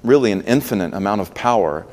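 A man's voice: lowish voice, expressive, fast, darkish tone, big-room sound. A man preaching a sermon as pastor, earnest and emphatic, his voice swelling and dropping for emphasis. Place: church sanctuary.

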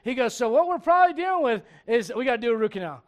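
High-voiced preacher telling funny stories. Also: male voice, racing. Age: adult. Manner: animated storytelling, acting out dialogue, laughing. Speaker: pastor. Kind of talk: sermon.

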